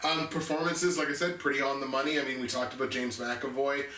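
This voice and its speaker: A man's voice: mid-range voice, flat delivery, a little fast, sharp tone, recorded from a distance. A man co-hosting a movie review show, chatting casually and enthusiastically about films, rambling with restarts. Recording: echoey room, voice off-mic, faint noise.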